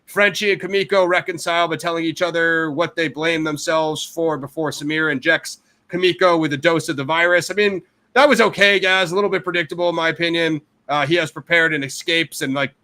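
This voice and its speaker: A man's voice: on the high side, steady tone, a little fast, hardly any pauses, sharp tone. A man hosting a casual review chat, talking animatedly with fillers and laughs. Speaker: show host reviewing a TV series.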